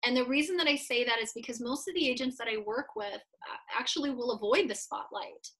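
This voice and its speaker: A woman's voice: on the high side, a little fast, a bit bright, poor audio. A woman guest on a podcast interview, a coach for real estate agents, explaining her ideas in a confident teaching tone.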